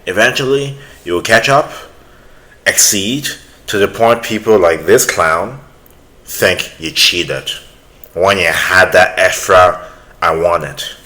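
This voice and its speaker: A man with a very low voice speaks in earnest, preachy bursts as he hosts a reaction video. He hammers short motivational points one after another. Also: takes it slowly, pushed and bright. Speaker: reaction channel host.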